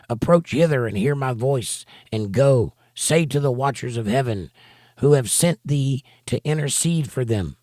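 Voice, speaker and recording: Bible study teacher, male, mid-pitched voice, reads passages then comments emphatically, dry close sound. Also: animated, unhurried, warm tone, no room sound. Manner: emphatic, rhetorical asides between readings. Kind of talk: reading scripture aloud with commentary. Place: home studio for a livestream.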